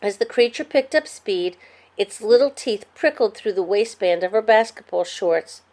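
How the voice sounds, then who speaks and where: A woman narrating a children's chapter book aloud in an expressive storytelling manner. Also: mid-range voice, moderate pace. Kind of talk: scripted narration.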